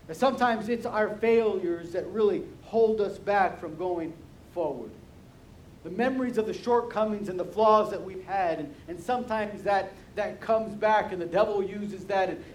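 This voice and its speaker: A male preacher delivers an emphatic sermon and slips easily into storytelling, doubling back on words as he goes. His voice is on the high side and rings out in a roomy church hall over a faint rumble.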